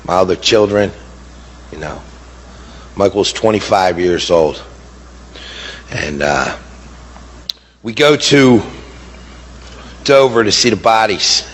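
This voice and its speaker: A man's voice: sits low, animated, slow, pauses often, fairly bright tone, a little hiss or hum. A middle-aged man speaking as a bereaved father, giving impassioned testimony. He sounds indignant and repeats words for emphasis. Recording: long hall reverb.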